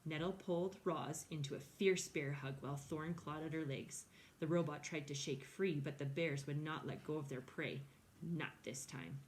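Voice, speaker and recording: Low-voiced woman reading a storybook. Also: normal speed, slight background noise. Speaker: reader. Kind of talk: reading a children's novel aloud.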